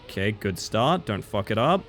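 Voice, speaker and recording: Chatty male streamer, lively pitch. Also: moderate pace, a little hiss or hum. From Isle of Man and Australia. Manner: chatty, jokey, reacting to chat. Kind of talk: casual gaming commentary.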